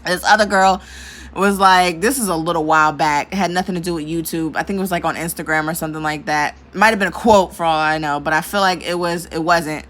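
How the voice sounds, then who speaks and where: A woman vlogging in a casual, storytelling rant, with a bright, forceful edge to her voice. She talks animatedly, breaks into laughter often and curses without holding back. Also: on the low side, fairly even intonation, fast. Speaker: spiritual vlogger.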